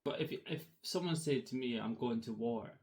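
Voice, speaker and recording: A man's voice: medium pitch, moderate pace. A man with a Scottish accent talks in a dry, matter-of-fact manner. He drops casual swears as he explains things. The sound carries an echoey room. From Scotland. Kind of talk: casual chat.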